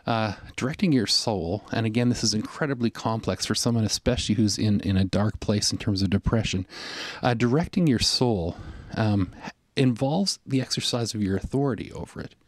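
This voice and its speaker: Low-voiced man preaching conversationally. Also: a little mellow, dry recording. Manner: conversational, reflective, with frequent fillers. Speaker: pastor. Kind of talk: sermon.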